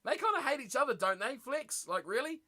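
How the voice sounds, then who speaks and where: Man, high voice, bright and sharp tone, excitable live match reaction, chatty streamer. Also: fairly quick. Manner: excitable, chatty, reads viewer messages aloud. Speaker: streamer hosting a watch party.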